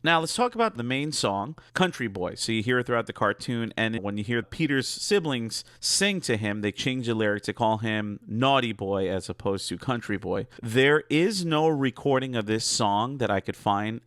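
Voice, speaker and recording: A man with a New Jersey accent talks casually about old cartoon music, his voice smooth and resonant. The sound is dry and close, and he slips playfully in and out of a put-on Southern drawl. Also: mid-range voice, lively intonation, normal speed, few pauses, a bit bright, no echo. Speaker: guest music commentator. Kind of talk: casual commentary.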